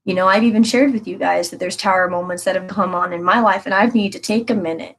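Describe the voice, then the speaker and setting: Woman, tarot reader, casual reading, rambling, earnest, emphatic, middle pitch. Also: steady tone, fast, slight background noise, low-quality recording. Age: adult with children.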